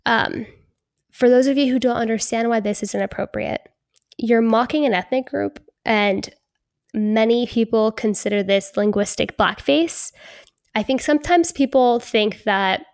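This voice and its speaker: A young woman with a slight Hispanic American accent, co-hosting a casual discussion in an earnest, measured way with "um" pauses. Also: on the high side, no room sound, studio quality. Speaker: co-host.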